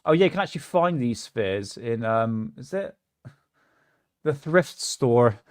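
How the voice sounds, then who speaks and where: A man's voice: mid-range voice, animated, a little slow, dry recording, clean studio sound. A man hosting a livestream, chatting casually and mocking what he watches, often laughing. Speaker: livestream host.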